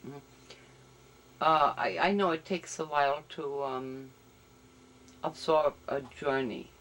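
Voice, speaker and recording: A woman hosting a casual interview, relaxed and affirming, murmuring agreement as her guest talks. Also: low voice, slow. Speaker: interview show host.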